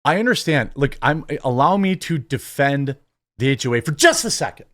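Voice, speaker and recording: A man rants sarcastically as he reacts to a video clip, stumbling and restarting his sentences as he goes. The sound is dry and close, and his voice sits at an ordinary pitch. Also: sing-song, normal speed, a bit bright, dry recording. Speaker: commentary host. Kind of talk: reaction commentary.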